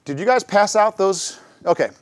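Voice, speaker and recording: A man's voice: sits high, moderate pace, no echo. A middle-aged man giving a church talk, telling personal stories and acting out what he and others said. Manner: lively storytelling, acts out his own quotes. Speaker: church speaker.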